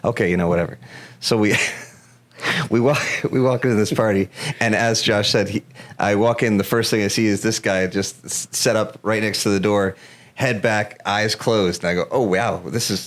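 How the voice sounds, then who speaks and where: A man in his thirties telling a story in casual chat, animated, laughing often and acting out the dialogue. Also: on the low side, normal speed. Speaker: guest.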